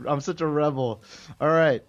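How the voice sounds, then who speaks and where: A man's voice: a little high, normal speed, faint music behind. A young man co-hosting a podcast in casual chat, rambling and laughing often. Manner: laid-back, rambling, laughs often, many fillers. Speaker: podcast co-host. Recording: dull lo-fi sound.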